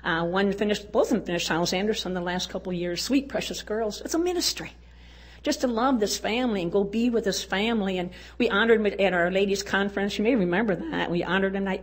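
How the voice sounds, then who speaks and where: A woman's voice: medium pitch, fast. A woman speaking to a women's conference, telling folksy stories and chuckling often. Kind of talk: storytelling speech to a live audience.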